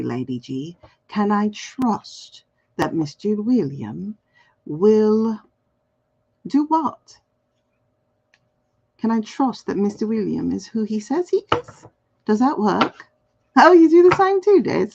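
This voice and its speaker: A woman's voice: medium pitch, vocal fry. A playful, chatty woman, doing a live tarot reading and talking to viewers by name. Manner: playful, lively, laughs often, talks to chat by name. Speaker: tarot card reader. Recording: slightly dull lo-fi stream audio.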